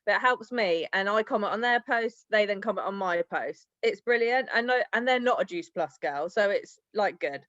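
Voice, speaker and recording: On a team video call, a woman with a mid-range, slightly bright voice shares sales tips at a moderate pace with few pauses. She's chatty and rambling and laughs often. The call audio is dry, dull, and lo-fi, with no room sound.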